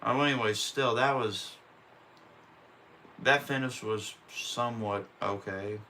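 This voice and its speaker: Man, streamer, race play-by-play, profane frustrated rants, bright forceful tone. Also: medium pitch, slow pace, slight background noise. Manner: profane, openly frustrated ranting. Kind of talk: casual live-stream play-by-play.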